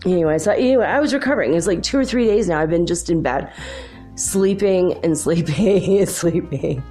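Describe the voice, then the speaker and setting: A woman's voice: fairly low pitch, animated, fairly quick, dark tone, faint music behind. A woman with children talking casually and at length, rambling with many fillers and restarts, laughing often as she tells personal stories. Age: adult with children. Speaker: host.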